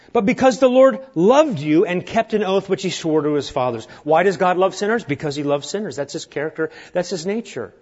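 A middle-aged man preaching a sermon as pastor, earnest, building to emphatic peaks and then falling quiet and slow. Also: on the high side. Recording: dull lo-fi recording.

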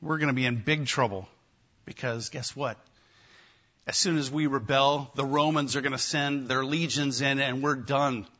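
Animated preacher man, dull lo-fi sound. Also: medium pitch, normal speed. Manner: animated, emphatic, with wry asides. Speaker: pastor. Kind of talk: sermon.

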